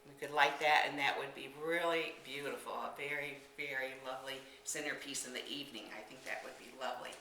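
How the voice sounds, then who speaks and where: A woman's voice: very deep voice, steady tone, a little fast, few pauses, bright, forceful tone, distant mic, slight background noise. A woman casually demonstrating decorating crafts, chatty and enthusiastic, exclaiming as she works. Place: indoor room. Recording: echoey room, somewhat off-mic.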